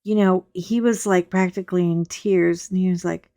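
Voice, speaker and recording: A woman's voice: lowish voice, fairly even intonation, moderate pace, warm tone, no echo. A woman, probably middle-aged, chatting casually and frankly while she colors, telling a gossipy story. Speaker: coloring channel host.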